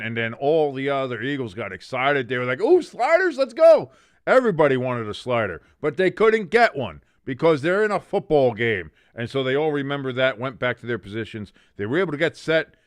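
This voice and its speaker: A man's voice: medium pitch, no room sound. Man calling plays with dry jokes. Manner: jokey, self-correcting, reads chat aloud. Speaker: watch-along host. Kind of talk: live play-by-play commentary.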